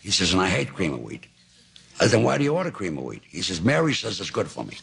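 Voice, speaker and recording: A man in his nineties, a talk show guest telling anecdotes in a dry, deadpan way on an old TV broadcast tape. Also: sits low, fast. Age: 90s. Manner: dry, deadpan storyteller with gravelly voice. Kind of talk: anecdotal storytelling.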